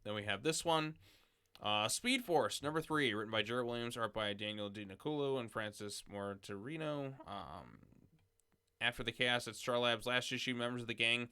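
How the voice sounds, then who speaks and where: Bright-voiced man chatting about comics. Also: mid-range voice, moderate pace, smooth. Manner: relaxed, reads blurbs then comments off the cuff with fillers. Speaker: comics video host. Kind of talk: casual commentary reading comic solicitations.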